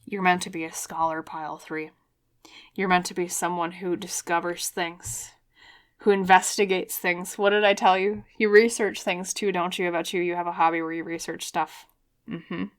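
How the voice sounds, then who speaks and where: A woman giving a pick-a-card tarot reading, chatty and excitable, talking straight to her viewers. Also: on the low side, moderate pace. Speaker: tarot reader.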